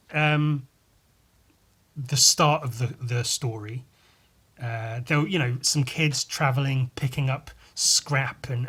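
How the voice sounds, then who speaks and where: Brief: male podcaster, husky, loose and rambling, medium pitch. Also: fairly bright tone. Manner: rambling, many fillers and restarts. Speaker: podcast host, comic artist. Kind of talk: casual chat.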